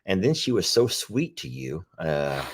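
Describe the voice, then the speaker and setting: Male co-host, low and animated, rambling casual talk. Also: unhurried. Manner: rambling, repeats phrases, jumps up in pitch when exclaiming. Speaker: co-host of a horse sanctuary livestream. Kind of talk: casual chat.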